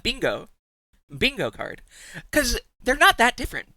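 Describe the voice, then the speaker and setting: A man's voice: extremely high pitch, huge pitch swings, moderate pace, bright, forceful tone, no room sound. A young man streaming live, chatting casually with his viewers, teasing them, swearing freely and laughing often.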